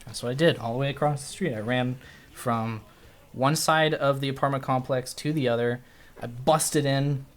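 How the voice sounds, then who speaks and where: A man's voice: medium pitch, steady tone, normal speed. A man streaming live, telling a story casually in a rambling, profane way that keeps restarting its sentences. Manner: rambling, profane, self-interrupting. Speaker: livestreamer.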